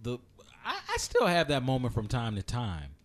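A man's voice: medium pitch, huge pitch swings, normal speed. A laid-back man who calls himself an introvert, chatting casually about hip-hop songs. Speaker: podcast co-host.

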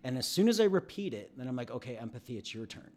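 A man's voice: mid-range voice, sing-song, fast, a little mellow. A middle-aged man, an emotional recovery coach, talking candidly in a casual interview and acting out bits of dialogue as he tells stories.

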